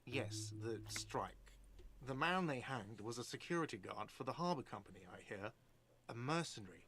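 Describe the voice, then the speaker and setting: A man's voice: mid-range voice, expressive, normal speed, fairly bright tone, breathy edge. An actor playing a sarcastic, dismissive male innkeeper in a detective game.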